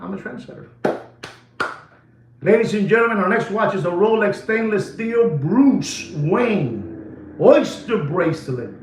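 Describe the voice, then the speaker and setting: A man's voice: sits high, a little hiss or hum. A man hosting a watch channel, rambling and lecturing, repeating himself for emphasis. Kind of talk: rambling video monologue. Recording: echoey room.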